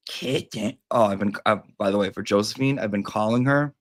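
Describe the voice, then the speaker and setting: A man's voice: lowish voice, quick pace. A man chatting casually as a host, rambling and playful, and now and then calling his cat in a sing-song voice. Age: adult with a daughter. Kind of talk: casual livestream chat.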